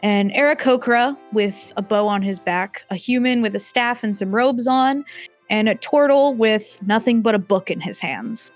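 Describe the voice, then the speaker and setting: A woman's voice: on the high side, normal speed, faint music behind. Rambling woman game master. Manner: chatty, rambling, frequent "like" fillers. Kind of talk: narrating a tabletop game.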